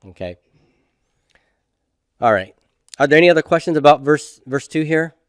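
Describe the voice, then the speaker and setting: A man's voice: fairly high pitch, animated, no room sound, clean studio sound. A middle-aged man teaching a Hebrew grammar class, explaining step by step and often checking in with "okay?". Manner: slow, methodical, checks in with "okay?". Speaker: Hebrew instructor.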